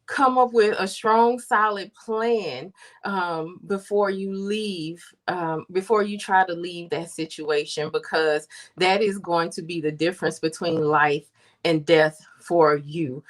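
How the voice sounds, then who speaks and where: A woman author being interviewed, earnest and measured, with frequent ums. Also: lowish voice, fairly even intonation. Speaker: guest author. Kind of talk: interview answers. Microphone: video call.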